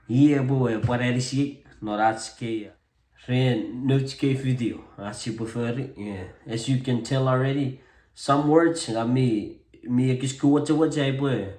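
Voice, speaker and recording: A man with a Chuukese accent chats to the camera in an unhurried, self-deprecating way, stopping often on fillers. His voice sits at an average pitch, and the room around him adds a noticeable echo. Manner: relaxed, self-deprecating, hesitant with many fillers. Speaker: vlogger introducing himself as a translator. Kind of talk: casual to-camera talk mixing English and Chuukese.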